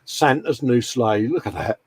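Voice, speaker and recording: A man's voice: medium pitch, a little slow, breathy edge, dry recording. A man hosting a casual live-stream chat, rambling and friendly, calling everyone mate. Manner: chatty, rambling, calls people mate. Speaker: host.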